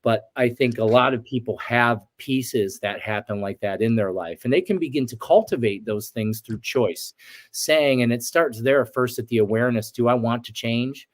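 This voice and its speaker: A man's voice: medium pitch, normal speed. Earnest man telling a spiritual story. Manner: earnest, reflective, acts out his own past outbursts. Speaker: shaman guest. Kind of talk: storytelling in a podcast interview.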